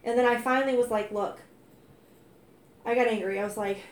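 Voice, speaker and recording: A woman's voice: on the high side, fairly even intonation, brisk, long pauses, roomy sound, slight background noise. A woman telling her faith testimony in casual conversation, earnest and emphatic, growing heated as she quotes herself. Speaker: wife sharing testimony.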